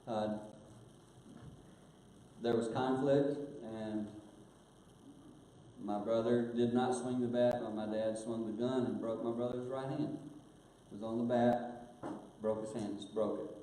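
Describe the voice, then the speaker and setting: A man's voice: medium pitch, steady tone, a little slow, pauses often. Older man preaching in an echoey church. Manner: earnest, drops to hushed tones at painful moments. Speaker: guest speaker. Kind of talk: sermon storytelling. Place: church auditorium. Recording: very echoey church hall, faint hiss.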